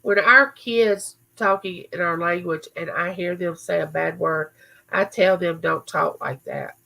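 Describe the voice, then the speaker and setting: A woman's voice: on the low side, a little slow, vocal fry, pushed and bright, poor audio. A woman hosting a casual live chat from her home recording room, reading viewer comments aloud and answering people by name. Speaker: livestream host.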